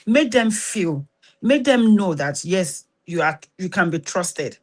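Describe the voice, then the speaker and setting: A woman's voice: mid-range voice, expressive, unhurried. Earnest woman. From Nigeria. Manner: urgent and exhorting, with repeated words and restarts. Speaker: host. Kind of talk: earnest spoken talk to camera.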